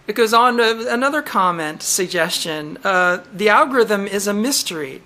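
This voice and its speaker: A woman hosting her own channel. She rants with exasperation, reads quoted text out flatly, and breaks into incredulous, swearing outbursts. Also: medium pitch. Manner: reads out quotes flatly, then reacts sharply. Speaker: channel host. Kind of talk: ranting vlog commentary.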